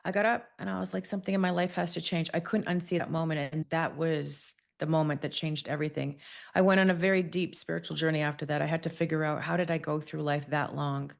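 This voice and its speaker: A woman in her forties speaks in a notably low voice as a podcast guest. She tells a candid personal story, acting out quotes as she goes. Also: fairly even intonation, brisk, creaky.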